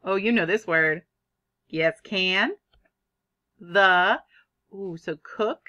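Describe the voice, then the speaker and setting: A woman teaching a kindergarten reading lesson, sounding out words in an animated, drawn-out way. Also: on the low side, dull audio. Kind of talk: online phonics lesson for young children.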